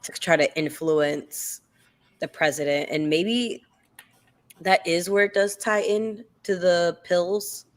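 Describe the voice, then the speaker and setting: A woman's voice: on the low side, slow pace. A woman co-hosting a casual live after-show chat, talking loosely with lots of fillers and restarts. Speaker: co-host.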